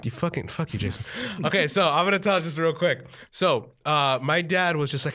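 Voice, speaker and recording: A man co-hosting a casual podcast, telling a story animatedly, acting out quoted family members and laughing often. His voice sits a little high and swings widely in pitch. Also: lively intonation, brisk, hardly any pauses, pushed and bright. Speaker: podcast co-host.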